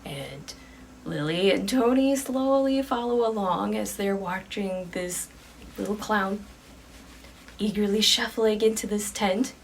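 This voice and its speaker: A woman narrating an improvised ghost story in a casual, chatty way, sometimes dropping into hushed asides. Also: medium pitch, takes it slowly, vocal fry, a little hiss or hum.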